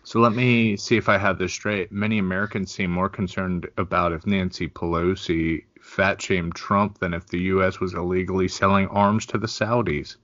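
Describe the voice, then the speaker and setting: A man co-hosting a podcast in casual crude comedy chat, laughing often and joking in an animated way. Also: deep voice, moderate pace, few pauses, no echo, dull audio. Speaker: podcast co-host.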